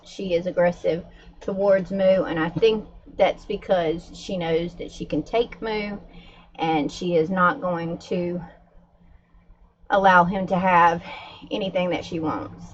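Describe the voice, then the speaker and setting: A woman's voice: on the low side, lo-fi sound, slight background noise. A woman livestreaming to her viewers in casual chat, a little out of breath and upset. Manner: upset, talking to viewers while calming pets.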